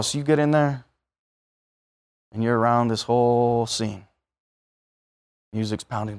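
A man's voice: mid-range voice, a little slow, pauses often, darkish tone, clear, resonant tone. A man preaching a sermon, telling everyday stories and acting out the voices of the people in them. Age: adult, married.

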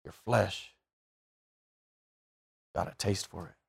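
A man's voice: sits low, takes it slowly, vocal fry, husky. A man preaching a sermon, telling everyday stories and acting out the voices of the people in them. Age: adult, married.

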